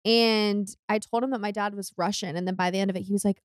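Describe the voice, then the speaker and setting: A young woman in her twenties from California, chatting as a podcast guest in an animated way, laughing often and quoting herself in lively voices. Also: medium pitch, quick pace, few pauses, no room sound, studio quality. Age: 20s. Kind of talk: casual chat. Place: podcast studio.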